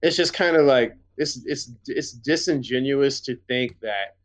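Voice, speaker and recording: A man co-hosting a podcast in casual, rambling chat, swearing freely and getting animated. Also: mid-range voice, a little slow. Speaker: podcast co-host.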